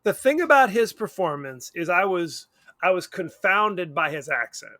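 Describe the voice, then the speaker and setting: A man's voice: high voice, sing-song, normal speed, bright, forceful tone, dry recording. A man co-hosting a podcast, talking about a movie in a rambling, wry way and often correcting himself. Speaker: podcast co-host. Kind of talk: casual movie chat.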